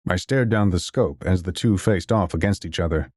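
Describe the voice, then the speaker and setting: A man narrating a science fiction audio drama in the first person, in a steady, measured storytelling manner. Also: sits low, no room sound, studio quality.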